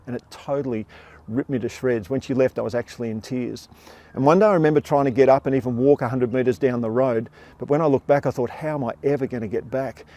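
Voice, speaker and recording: This older man speaks with an Australian accent in a medium-pitched, dark voice, with no room sound. He's performing his life story for a theatre audience, poking fun at himself with a wry wit.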